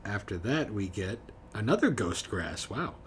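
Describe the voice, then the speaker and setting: A man's voice: on the low side, sing-song, a little slow, a little hiss or hum. A man co-hosting a podcast in casual chat, giving blunt, dismissive opinions with frequent restarts. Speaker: podcast co-host.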